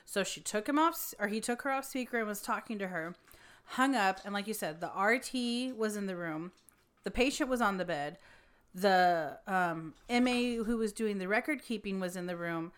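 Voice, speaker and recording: Woman, casual chat, middle pitch, swears, acts out quotes. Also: normal speed, clean tone. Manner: lively storytelling, swearing, acting out quotes.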